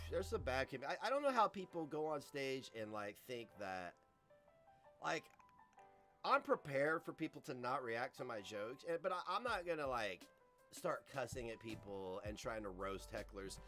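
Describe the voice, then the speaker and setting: A male streamer reacts casually, loose and swearing freely. His pitch swings a lot as he talks. Faint music plays behind him. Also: very animated, normal speed, pushed and bright.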